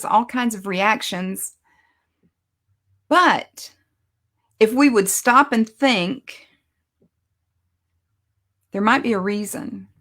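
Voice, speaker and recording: A woman giving a conversational sermon, telling stories and slowing down to stress her points. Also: medium pitch, fairly bright tone. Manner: conversational, storytelling, self-deprecating asides. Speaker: speaker teaching a Bible lesson.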